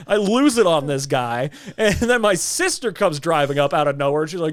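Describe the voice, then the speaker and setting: Animated man telling a story. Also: high-pitched, fairly quick, few pauses. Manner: animated storytelling, swearing, laughing often. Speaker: podcast co-host. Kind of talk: casual podcast chat.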